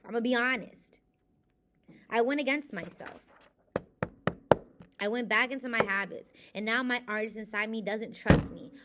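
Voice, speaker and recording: A woman's voice: a little high, a bit bright. A young adult woman, reading from a self-help book and then venting candidly to camera in a casual confessional vlog. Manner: emotional, candid, shifts between reading aloud and venting.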